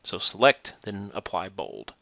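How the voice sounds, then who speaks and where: Patient man walking through software steps. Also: low voice, measured pace, vocal fry, no echo. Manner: methodical, reads steps aloud then demonstrates; patient, self-correcting, relaxed. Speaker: instructor. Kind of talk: software tutorial screencast.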